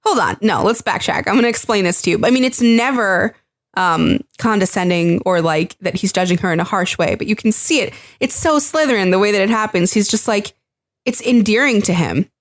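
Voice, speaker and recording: A woman co-hosting a casual podcast, animated and acting out what people say. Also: mid-range voice, a little fast. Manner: animated, acts out quoted lines. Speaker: podcast co-host. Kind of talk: casual chat.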